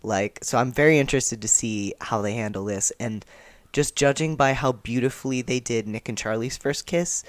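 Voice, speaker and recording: A man's voice: medium pitch, moderate pace, dry recording. A young man reading a comic aloud and chatting his reactions, laughing often. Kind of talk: casual read-along reaction.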